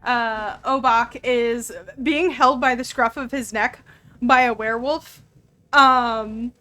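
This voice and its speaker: A woman narrating a tabletop game as game master, with many pauses and fillers. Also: on the high side, steady tone, pushed and bright. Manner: hesitant, filler-heavy narration.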